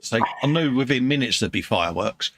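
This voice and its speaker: A man's voice: medium pitch, expressive, a little fast, no room sound. A man from the UK co-hosting a live stream, reading out chat messages in a chummy way and calling everyone mate. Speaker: co-host of a live model-building stream.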